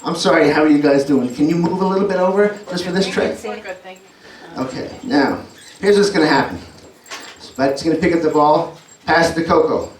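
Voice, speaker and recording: A man's voice: on the high side, normal speed. A man with a New York accent performing a live dog trick show, chatting to the audience and cueing his dogs. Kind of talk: live stage show with commentary. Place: indoor venue with an audience. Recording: roomy live hall audio from far off with loud noise.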